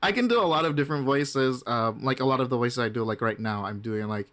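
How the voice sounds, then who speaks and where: A man's voice: medium pitch, expressive, fairly bright tone. Chatty man with frequent restarts. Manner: chatty, frequent restarts and asides, slips into quick impressions. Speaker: professional game master, podcast guest. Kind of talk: casual podcast interview.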